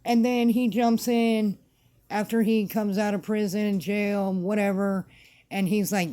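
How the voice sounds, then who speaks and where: A woman's voice: mid-range voice, fairly even intonation, measured pace, mellow. A woman vlogger ranting to camera in a casual, blunt and emphatic way, repeating her points. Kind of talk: casual opinion rant to camera.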